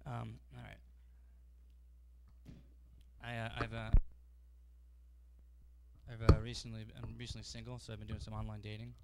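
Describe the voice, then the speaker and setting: A male stand-up comic doing a set with a deadpan delivery. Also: lowish voice, moderate pace, vocal fry, long pauses, noisy background.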